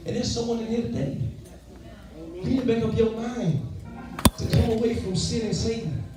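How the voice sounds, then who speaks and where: A man's voice: very high voice, normal speed. A man preaching a sermon as pastor, telling his own story with call-and-response fervor. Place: large church sanctuary. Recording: echoey church hall from far off with music.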